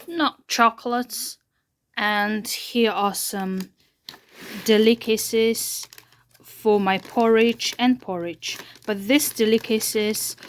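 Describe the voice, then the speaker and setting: Slow-talking rambling woman vlogger. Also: mid-range voice, a little hiss or hum. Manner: emotional, rambling, with halting restarts. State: unwell, recovering from side effects. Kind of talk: casual unboxing vlog.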